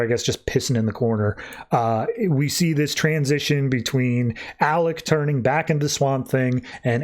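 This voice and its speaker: A man hosting a podcast, recapping a comic in a casual, irreverent way and acting out the dialogue. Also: mid-range voice. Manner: animated, irreverent, acts out dialogue. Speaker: podcast host.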